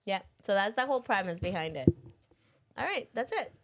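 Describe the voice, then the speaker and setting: A woman's voice: mid-range voice, big pitch swings, fairly quick. Female podcast co-host, playful and teasing, laughs a lot, casual. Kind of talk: casual chat.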